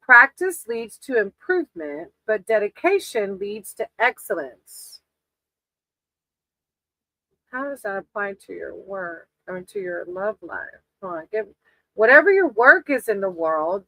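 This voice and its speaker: Bright-voiced woman reading tarot live. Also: medium pitch, animated, normal speed, dry recording, rough recording. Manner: affectionate, calls viewers sweetie, laughs often. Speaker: tarot reader on a livestream.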